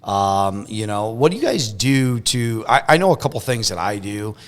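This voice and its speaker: Rambling man with a lowish voice. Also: very animated, moderate pace. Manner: rambling, frequent restarts and fillers. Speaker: podcast host. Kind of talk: casual conversation.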